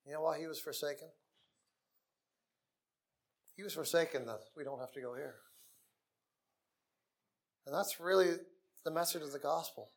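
A man preaching a gospel sermon with a somewhat high voice. He speaks earnestly, repeats his key phrases, and lets his voice sink almost to nothing on the solemn lines. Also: moderate pace, pauses often.

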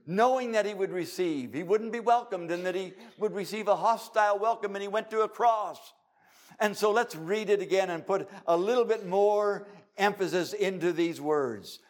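Slow, high-voiced older male preacher. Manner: dramatic, emphatic, with pauses for effect. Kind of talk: evangelistic sermon.

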